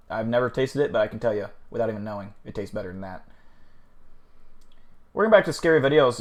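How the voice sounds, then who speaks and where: A man's voice: mid-range voice, a bit bright. Casual male streamer, rambling and profane, flustered, self-mocking. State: flustered after eating something awful. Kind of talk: casual live-stream chat.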